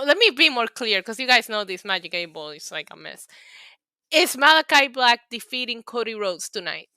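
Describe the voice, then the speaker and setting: A woman's voice: medium pitch, bright, forceful tone, clean tone, dry recording. A woman from New York City hosting a casual livestream, chatting, laughing often and reading the chat aloud. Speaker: livestream host.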